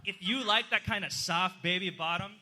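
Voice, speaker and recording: A male stand-up comic working a live club crowd, chatty and self-mocking as he talks with the room. His voice sits high and rings with a sharp, very bright edge. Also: normal speed. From outside the US. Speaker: stand-up comedian. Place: live comedy night in a social club.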